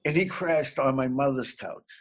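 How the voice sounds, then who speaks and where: Husky man telling a story. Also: medium pitch, normal speed. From Massachusetts. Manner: animated anecdote teller, laughs along. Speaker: comedian guest. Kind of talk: casual storytelling.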